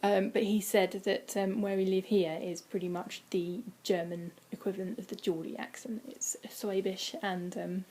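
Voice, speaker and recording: A woman chatting casually from home in a vlog, rambling with many ums and dropping into quiet, breathy asides. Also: medium pitch, steady tone, normal speed, hardly any pauses, a little hiss or hum. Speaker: vlogger. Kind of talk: casual weight-loss vlog. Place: indoors at home, by a window.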